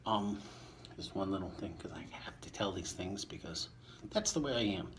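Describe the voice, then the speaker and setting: A man's voice: expressive, moderate pace, slight background noise. An older man reading sonnets aloud and chatting offhandedly between them. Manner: recites verse, then chats in a low, offhand voice. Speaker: vlogger reciting sonnets while lifting. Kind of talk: casual recitation between lifts.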